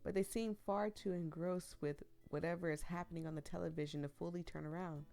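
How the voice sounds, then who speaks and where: A woman's voice: fairly low pitch, steady tone, fairly quick, few pauses, dark tone, faint music behind. Playful woman narrating a romance game. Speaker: game player.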